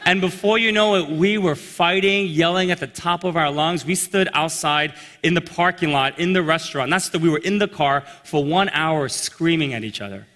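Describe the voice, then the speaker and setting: A man telling a personal story in a sermon, animated and acting out the voices of the people in it. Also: on the high side, normal speed, hardly any pauses. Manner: animated storyteller, acts out quotes. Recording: long reverb in a large hall.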